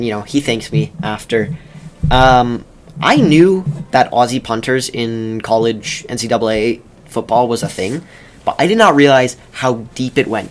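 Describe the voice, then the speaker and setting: A young man talks casually while he plays a game, drifting between commentary and a story. His pitch sits in an ordinary middle range, and his delivery is loose and wry. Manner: rambling and wry, many ums and self-corrections. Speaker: video creator.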